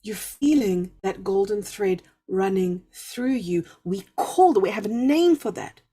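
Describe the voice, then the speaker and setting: A woman with a soft, breathy, slightly husky voice hosts a live spiritual talk. She speaks effusively and encouragingly, stretching out emphatic words as she answers her viewers. Her pitch sits in a middle range. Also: lively intonation, measured pace. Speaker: spiritual livestream host. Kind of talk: live spiritual talk reading chat comments.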